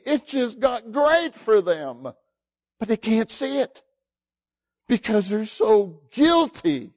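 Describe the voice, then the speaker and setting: A man's voice: high-pitched, very animated, slow pace. A man preaching a sermon with emphatic rhetorical questions, often repeating words. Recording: dull lo-fi sermon recording.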